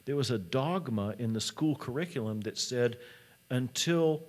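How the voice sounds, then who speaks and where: A man's voice: mid-range voice, animated, unhurried, a little mellow. A man, a college president, giving a conference talk in a conversational storytelling manner.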